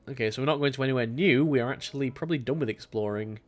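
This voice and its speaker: A man's voice: mid-range voice, racing, hardly any pauses, faint music behind. Wry man commenting on a game. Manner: wry, joking asides. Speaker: let's play commentator.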